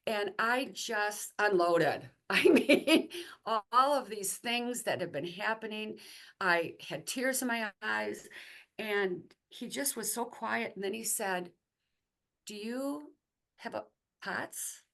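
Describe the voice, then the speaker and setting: A middle-aged woman, a guest, telling a personal faith story in a conversational way, pausing with fillers and restarts. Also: medium pitch, a bit bright.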